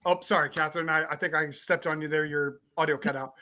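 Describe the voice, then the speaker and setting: A man's voice: on the high side, steady tone, fast talker, bright, forceful tone. A man from Southern Illinois hosting an interview over a video call, asking long, rambling questions. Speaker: host.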